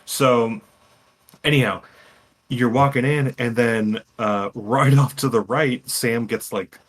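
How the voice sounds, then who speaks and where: A young man co-hosting a podcast, retelling a story in a rambling, animated way with frequent restarts. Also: mid-range voice, slow pace. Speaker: podcast co-host. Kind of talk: casual chat, retelling a game.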